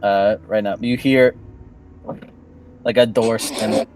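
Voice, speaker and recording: A man's voice: lowish voice, fairly even intonation, takes it slowly, background noise. A man narrating a tabletop role-playing game as game master, hesitant with many fillers.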